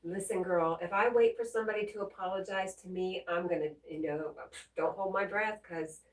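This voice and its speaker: Lowish woman's voice, casual livestream chat, gentle and comforting, a bit far from the mic. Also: steady tone, moderate pace. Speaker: livestream host reading viewer chat. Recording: roomy echo, mic at a distance.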